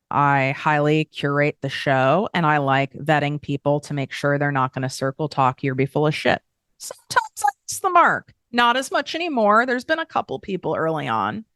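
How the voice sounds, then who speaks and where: Woman, podcast host, lowish voice, frank and emphatic, casual swearing, dry close sound. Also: fairly bright tone, no echo. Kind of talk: candid self-help monologue.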